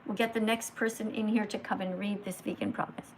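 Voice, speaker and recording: A woman's voice: medium pitch, level tone, slight background noise. Emphatic woman lecturing like a teacher. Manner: slow, emphatic teacher-like delivery. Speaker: livestream host. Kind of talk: lecturing livestream.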